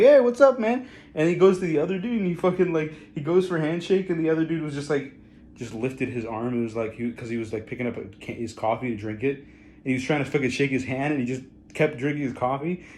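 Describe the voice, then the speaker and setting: A man's voice: medium pitch, a little mellow, slight background noise. A man telling a story in casual, rambling speech, heavy on profanity, often laughing and trailing off into mumbles. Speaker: vlogger.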